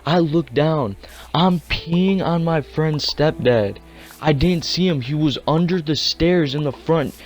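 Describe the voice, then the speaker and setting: A man's voice: a little high, slow pace, faint music behind. Laid-back young man telling a story. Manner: rambling, slangy, laid-back. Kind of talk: casual storytelling.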